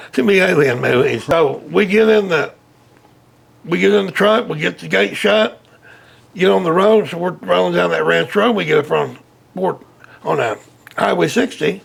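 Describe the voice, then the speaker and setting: A man telling a story as an interview guest, animated and loudly acting out quotes. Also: on the high side, normal speed. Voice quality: gravelly. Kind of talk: casual storytelling.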